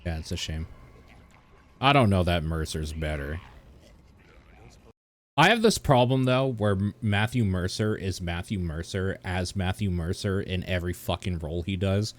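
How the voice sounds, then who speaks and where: A man's voice: deep voice, expressive, moderate pace. A man giving rambling, casual commentary while reacting to a video, laughing now and then. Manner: chatty, rambling, laughs often.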